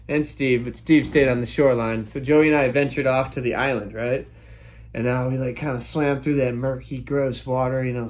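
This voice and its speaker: Man, young adult, casual storytelling, animated, sound effects, middle pitch. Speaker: storytelling vlogger.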